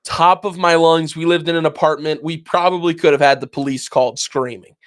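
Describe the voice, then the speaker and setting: A man in his twenties co-hosts a podcast, talking casually and acting out how he reacted back then as he tells a story. His voice sits on the high side, with a steady tone and a slightly fast pace.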